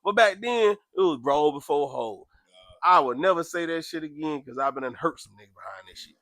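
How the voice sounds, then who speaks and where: High, bright-voiced man telling stories. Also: brisk, no room sound. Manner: animated, acts out quotes with sudden loud jumps in pitch. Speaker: podcast host. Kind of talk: casual storytelling chat.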